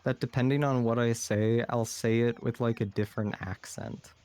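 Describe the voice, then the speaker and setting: Guy with a slight lisp, plain american accent, casual rambly podcast talk, mid pitch. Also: steady tone, moderate pace, darkish tone, clear, resonant tone. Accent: General American. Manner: rambling, lots of fillers. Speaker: podcast co-host. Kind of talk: casual chat.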